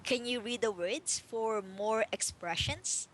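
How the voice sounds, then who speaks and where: Slow, patient female online English tutor. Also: a little high, a bit bright, slight background noise. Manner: patient, explains slowly with many fillers. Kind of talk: one-on-one English lesson. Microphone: video call.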